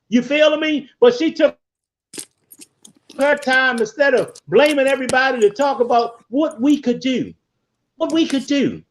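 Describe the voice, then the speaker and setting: High-voiced man telling a preacher-style parable. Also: dull audio. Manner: animated storyteller, preacher-like cadence. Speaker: podcast host. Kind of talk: preaching-style storytelling on a podcast.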